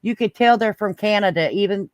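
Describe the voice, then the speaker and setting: A woman's voice: mid-range voice, fairly quick, a little mellow, dry recording. A woman from the Southern United States with a strong Southern country accent, talking bluntly and swearing in a casual group voice chat.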